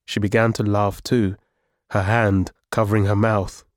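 A man reading a story aloud as its narrator, calm and measured. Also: lowish voice, dry recording, studio quality.

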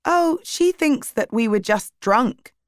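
Woman reader doing a popular teen girl, higher and slow, dry close read. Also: lively intonation, no room sound. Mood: light. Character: teenage schoolgirl, popular, guarded and teasing.

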